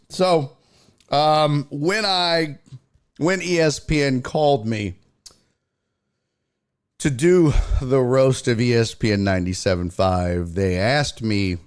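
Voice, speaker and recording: A man hosting a sports podcast livestream, chatting loosely with viewers, cursing freely and greeting them by name. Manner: loose, profane, shouts out chat viewers by name; lively, jumpy pitch when retelling. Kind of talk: casual livestream chat.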